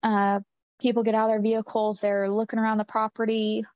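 A woman's voice: fairly high pitch, completely flat delivery, brisk, a little mellow, no echo. A woman recounting a personal story in an interview, earnest and repeating phrases for emphasis. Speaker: interview guest. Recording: dull lo-fi sound.

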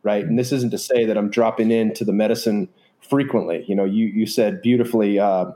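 Man, podcast guest, mellow warm tone, earnest, rambling, filler-heavy. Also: fairly low pitch, steady tone, fairly quick. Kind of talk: casual reflective conversation.

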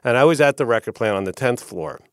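A middle-aged man, a music executive guest, telling lively anecdotes in a podcast interview and acting out the people he quotes. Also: mid-range voice, fast talker, smooth, dry recording, studio quality. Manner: lively storyteller who acts out quotes, with frequent restarts.

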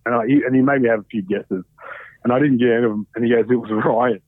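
A man's voice: medium pitch, fast talker, no room sound. Rambling, sweary Australian man on a thin line. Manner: swears a lot, rambling storytelling with fillers. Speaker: podcast guest. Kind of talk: casual chat. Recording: dry, phone-like sound.

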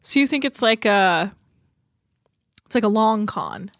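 A woman's voice: medium pitch, animated, a little slow, a bit bright, no room sound, studio quality. A woman co-hosting a podcast, bantering playfully in casual conversation. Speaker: podcast co-host. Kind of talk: casual comedic chat.

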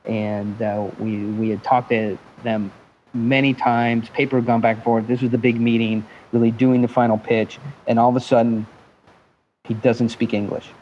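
A man guest telling an animated, joking business story with some profanity, now and then slipping into mimicked accents. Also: mid-range voice, moderate pace, highs cut off, slight background noise. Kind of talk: animated storytelling in a podcast interview.

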